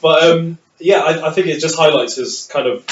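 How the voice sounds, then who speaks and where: A man's voice: a little high, moderate pace, slight background noise. A man co-hosting a podcast in casual chat, rambling with many restarts and laughing often. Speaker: podcast co-host. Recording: distant, roomy, dull sound.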